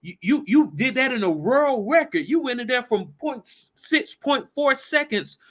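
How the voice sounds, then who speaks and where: Male presenter doing a squeaky, worked-up rich old father in a told joke. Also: animated, slow, a bit bright, heavily acted. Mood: excited. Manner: exclaiming, high-pitched and breathless.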